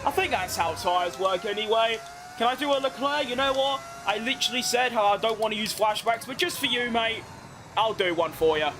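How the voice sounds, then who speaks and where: A young man with a high-pitched voice chats through his racing game session, teasing himself and restarting sentences as he goes. Engine and game noise run loudly under his voice. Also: brisk. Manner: chatty, self-mocking, restarts often. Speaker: gaming video creator. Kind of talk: casual commentary over gameplay.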